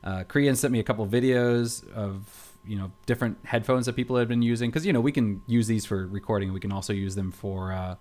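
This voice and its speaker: A man co-hosting a casual podcast chat, telling stories in a relaxed, rambling way with plenty of fillers, speaking into a headset mic at home. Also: on the low side, brisk, hardly any pauses. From United States. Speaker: podcast co-host. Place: home studio.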